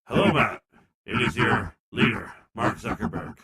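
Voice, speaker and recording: A man's voice: medium pitch, lively intonation, normal speed, creaky, pushed and bright, breathy edge, faint music behind, heavily acted. A man voicing a smug male tech boss who mockingly scolds a user, through a voice changer. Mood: gloating. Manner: mocking, gloating.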